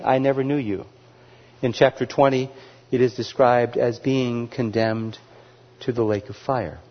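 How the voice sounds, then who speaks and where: A man preaching a sermon as pastor, in a measured, emphatic way, repeating key phrases for weight. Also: on the high side, long reverb tail, muffled recording.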